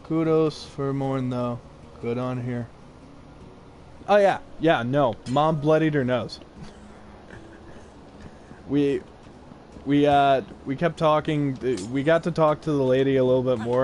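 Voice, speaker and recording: A man's voice: medium pitch, fairly even intonation, takes it slowly, pauses often, a little mellow, a little hiss or hum. A young man casually telling a funny personal story while playing a game, laughing often and acting out the people he quotes. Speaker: gaming video host.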